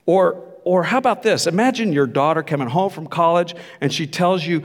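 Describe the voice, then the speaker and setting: A man's voice: a little high, moderate pace, few pauses, long reverb tail. A man pastor preaching a sermon in a conversational, reflective way. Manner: conversational, reflective, with frequent restarts.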